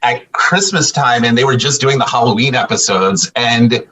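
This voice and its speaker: On poor audio, a middle-aged podcast guest with a husky, medium-pitched voice spins a casual story at normal speed. He's an animated storyteller, performing the exchanges of conversations as quotes.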